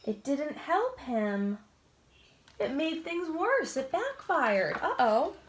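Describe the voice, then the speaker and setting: Woman children's librarian, story-time read-aloud, slow, animated pitch. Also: reverberant. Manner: slow, expressive and questioning.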